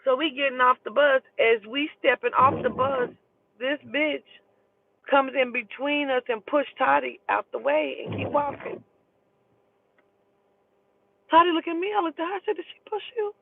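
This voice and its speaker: A woman telling a heated, profane story in an emphatic, animated way. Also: high voice, a little slow, vocal fry, long pauses. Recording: tinny phone-like sound.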